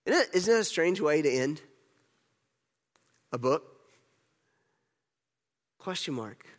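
A male pastor gives a conversational sermon and piles up repeated rhetorical questions. His voice is on the high side for a man. The sound carries a long church-hall echo. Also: very animated, slow.

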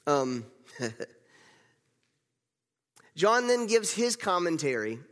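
A man's voice: high-pitched, big pitch swings, extremely slow, fairly bright tone. A male pastor giving a conversational sermon, repeating phrases for emphasis. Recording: long reverb of a large hall.

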